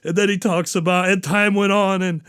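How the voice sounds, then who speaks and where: A man with a fairly high speaking voice runs a loose, swearing-heavy recap of a film's plot. He rambles casually from one scene to the next as the show's host. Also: level tone, normal speed, fairly bright tone, clean tone. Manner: rambling, profane storytelling. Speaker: podcast host.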